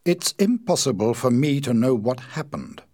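A man reading the part of a cold, calm male bomb maker, quiet and matter-of-fact, in a husky, lively voice. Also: mid-range voice, moderate pace, no echo, studio quality, pitched above the performer's own voice, natural voice.

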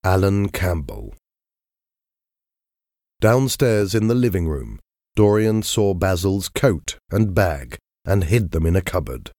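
Brief: male narrator, slow and clear, dry close studio sound. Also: low voice, very animated, darkish tone, no echo. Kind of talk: audiobook narration of a graded reader.

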